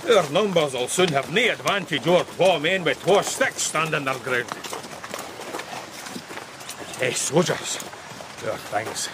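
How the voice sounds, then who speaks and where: An actor playing a fussy, indignant Scottish merchant and magistrate in a radio drama. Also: male voice, fairly high pitch, expressive, unhurried, background noise. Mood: grave. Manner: indignant, lawyerly, blustering.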